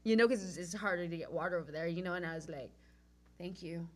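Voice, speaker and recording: A woman from Oahu with a Hawaiian accent, a guest telling a personal story in an animated way and acting out what she said back then, from loud to hushed. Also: lowish voice, very fast. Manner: acts out her own past lines, swinging from loud to hushed.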